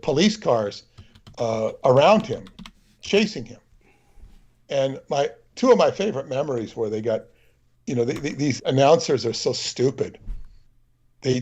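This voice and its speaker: A man's voice: mid-range voice, darkish tone, highs cut off. A man co-hosting a livestream, telling a digressive, opinionated anecdote in loose, rambling chat. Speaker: livestream co-host.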